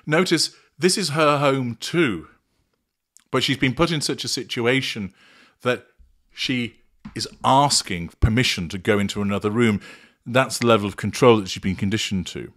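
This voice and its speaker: A man narrating a clinical, measured analysis of a recorded argument, naming each tactic as he goes. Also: mid-range voice, fairly bright tone. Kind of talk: analytical voice-over commentary.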